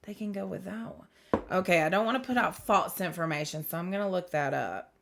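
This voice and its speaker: A woman's voice: on the low side, brisk, vocal fry, noisy background. A woman giving a casual spiritual reading to a camera close to her face, rambling, laughing often and interrupting herself. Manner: rambling, giggly, self-interrupting. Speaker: spiritual reader. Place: indoors under bright light.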